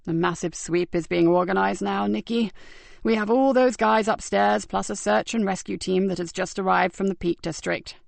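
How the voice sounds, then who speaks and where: A brisk male chief inspector in a crime audiobook, read by a woman, curt and commanding. The voice stays near her own pitch, dry and close to the mic. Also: vocal fry, no echo.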